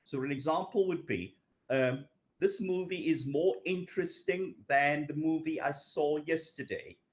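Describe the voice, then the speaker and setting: A man's voice: fairly high pitch, unhurried. A man teaching an English grammar lesson, drawing out his words and checking in with "okay" and "yeah" as he goes. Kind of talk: recorded grammar lecture.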